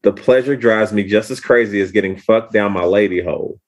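A man on a casual panel, reading aloud and speaking in a deadpan, matter-of-fact way. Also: fairly low pitch, fairly quick, lo-fi sound.

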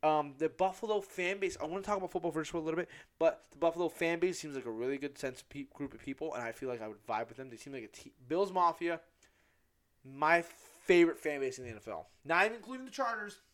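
A young man hosts his podcast alone in a loose, rambling way. His voice sits a bit high for a man, and he swears often and mocks himself. He loses his place and corrects himself as he talks. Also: fast talker. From Southern California. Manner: rambling, self-mocking, swears freely; loses track and corrects himself mid-sentence. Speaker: podcast host. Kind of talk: casual solo podcast rant.

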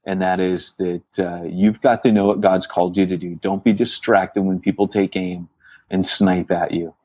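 A man's voice: low voice, moderate pace, slightly rough, dry recording, dull audio. A man co-hosting a podcast, telling a story in casual chat with lots of restarts and acted-out dialogue. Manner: animated storyteller, frequent restarts, acts out quoted dialogue. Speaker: church planter podcast co-host.

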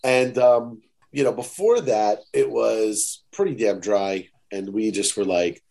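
A man telling a story in a casual chat, animated and laughing often, quoting people. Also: fairly low pitch, takes it slowly, vocal fry. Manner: animated, laughing, quotes people in put-on voices. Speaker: podcast guest.

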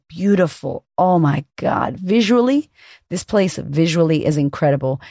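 A woman, a confidence coach hosting her own podcast, talking solo in a high-energy, chatty way and swearing casually. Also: dark tone, dry recording, clean studio sound.

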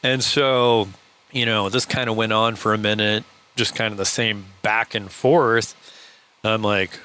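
A man's voice: fairly low pitch, steady tone, a little slow, sharp tone, clean tone. A man co-hosting a podcast and retelling a story in casual talk, full of quoted dialogue. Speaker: podcast co-host, truck driver.

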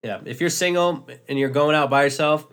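A man's voice: a little high, fairly quick, a bit bright, clear, resonant tone. A man in his twenties co-hosting a podcast, chatting casually, laid-back and swearing as he tells a story. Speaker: podcast co-host.

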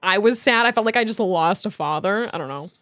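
A woman's voice: mid-range voice, expressive, brisk, fairly bright tone, no echo. A young woman co-hosting a podcast, telling a story animatedly in casual chat, swearing and laughing now and then. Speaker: podcast co-host.

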